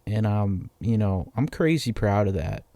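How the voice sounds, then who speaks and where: A man's voice: fairly low pitch, animated, unhurried, vocal fry, mellow, no room sound, studio quality. A man, hosting a casual solo podcast in a profane, rambling, self-deprecating way. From Massachusetts. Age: 20s. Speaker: podcast host.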